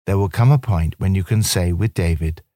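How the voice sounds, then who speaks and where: A man with a lowish voice gives scripted devotional commentary. He speaks in a gentle, earnest and encouraging way. The sound is dry and close to the mic. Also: moderate pace, no echo. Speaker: devotional presenter.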